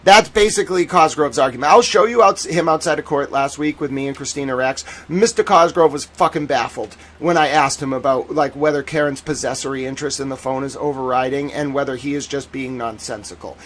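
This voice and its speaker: A man hosting a casual legal commentary stream, animated and sarcastic, who mocks people in whiny put-on voices. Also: medium pitch, fairly quick, few pauses. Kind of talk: casual chat.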